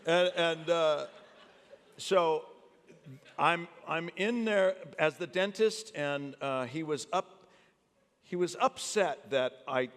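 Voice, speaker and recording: A man's voice: fairly high pitch, slow. A man telling anecdotes about his acting work on stage before a live audience, acting out the people he quotes. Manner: animated anecdote teller, acts out quotes. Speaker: actor discussing his memoir. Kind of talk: storytelling on stage. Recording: long theater reverb.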